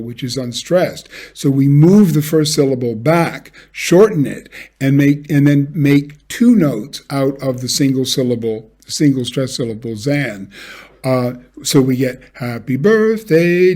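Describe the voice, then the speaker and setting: A man giving a measured academic lecture, now and then singing short examples. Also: mid-range voice, a little mellow. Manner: measured, with brief sung examples. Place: home office, recorded for an online lecture.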